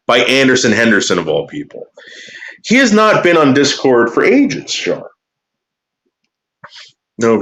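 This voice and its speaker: A man with a mid-range voice and some vocal fry rambles casually to his livestream chat. He curses often and tends to repeat words as he begins each sentence.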